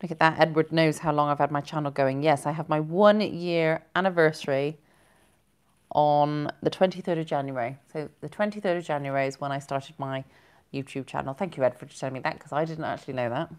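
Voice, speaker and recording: Casting note: woman, low voice, giggly rambling live-stream host reading comments. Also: steady tone, a little fast, clean tone. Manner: chatty and giggly, rambling with self-corrections.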